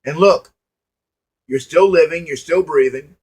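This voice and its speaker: A man's voice: on the high side, a little slow, a little mellow, breathy edge. A man giving a preachy motivational monologue to his viewers, folksy and emphatic, repeating lines and asking rhetorical questions. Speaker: online commentator.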